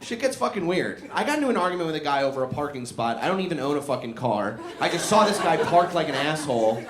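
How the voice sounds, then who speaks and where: A man's voice: on the high side, very animated, fast talker, slight background noise. A man doing a live stand-up set in a barbershop, profane and self-mocking, often quizzing the crowd. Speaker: stand-up comedian. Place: live comedy show in a barbershop. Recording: echoey room with loud audience.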